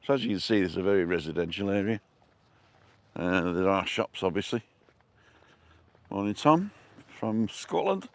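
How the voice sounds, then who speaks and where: A man's voice: low-pitched, fairly even intonation, brisk. A middle-aged man live-streaming a walking tour outdoors, chatting and greeting viewers by name from a handheld phone. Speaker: vlogger. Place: outdoors on town streets.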